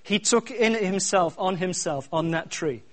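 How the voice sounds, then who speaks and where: A middle-aged man preaching a sermon, swinging from quiet asides to loud, repeated refrains. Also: high voice, measured pace. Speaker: pastor.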